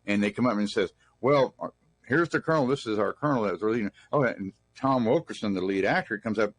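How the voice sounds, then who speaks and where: This low-leaning male voice moves fast as a middle-aged man from Texas tells casual stories during an interview. He's the guest, and his folksy anecdotes ramble and keep restarting.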